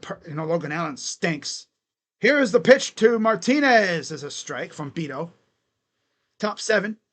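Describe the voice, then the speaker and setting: A young man hosts casual live play-by-play of a baseball game, reacting in a chatty way and often chanting and laughing. He has a high voice with a fairly bright tone.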